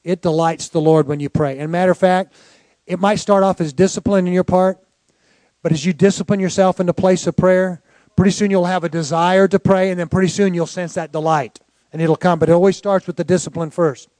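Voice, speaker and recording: A man's voice: sits high, fairly even intonation, fairly quick, darkish tone, no echo. A man who is a pastor, preaching an earnest sermon and quoting scripture.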